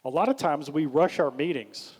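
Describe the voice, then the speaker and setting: A man speaks to a workshop audience, animated and coaching, often lifting his voice to act out the questions he recommends. His voice sits a little high for a man. The sound carries the long reverb of a large hall. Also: normal speed, breathy edge. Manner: animated, acts out questions in a lifted voice. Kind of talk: leadership workshop talk.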